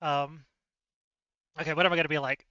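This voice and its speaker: Giggly, self-deprecating tabletop player, a man with a high, very bright voice, dry and slightly lo-fi. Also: little pitch movement, brisk, clean tone, no room sound. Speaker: solo campaign player. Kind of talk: casual live-stream tabletop chat.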